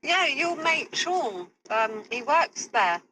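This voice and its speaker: A woman's voice: high voice, sing-song, slow pace, pushed and bright, slight background noise, rough recording. A middle-aged woman, telling a rambling, flustered story in a voice message, full of fillers. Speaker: host's mother, in a voice message.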